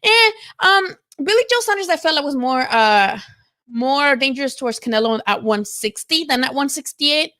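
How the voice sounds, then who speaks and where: A woman's voice: sits high, animated, moderate pace, sharp tone. A woman hosting a live boxing talk stream, chatting casually and animatedly, swearing freely and filling with "like" and "you know". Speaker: boxing show host.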